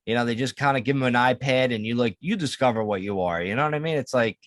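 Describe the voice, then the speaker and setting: A man co-hosting a podcast in relaxed casual chat, rambling and swearing. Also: mid-range voice, quick pace, dry recording. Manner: laid-back, profane, rambling. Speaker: podcast co-host.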